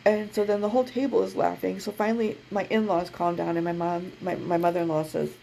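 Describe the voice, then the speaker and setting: Brief woman co-host, low and heavily gravelly voice, animated storyteller in relaxed chat. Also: fast talker, slight background noise, rough recording. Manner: animated, laughs mid-story, acts out quotes. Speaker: podcast co-host. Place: her office.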